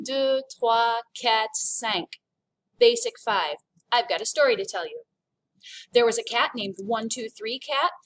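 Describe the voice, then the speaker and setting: A woman teaching a recorded French lesson, talking in a clear, encouraging way with small jokes. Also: fairly high pitch, a bit bright, poor audio.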